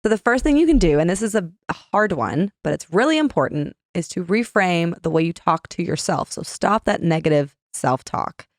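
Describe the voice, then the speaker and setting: A woman's voice: fairly low pitch, lively intonation, normal speed, few pauses, dry recording, clean studio sound. A woman in her thirties co-hosting a podcast, chatty and self-mocking, acting out her inner voice in quotes. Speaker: podcast co-host. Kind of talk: casual chat.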